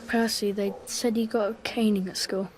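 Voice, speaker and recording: A woman's voice: mid-range voice, little pitch movement, moderate pace, noisy background, natural voice. An actress voicing a stern, sarcastic adult mother in a video game, questioning her son drily. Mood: dry. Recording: game dialogue with crowd chatter.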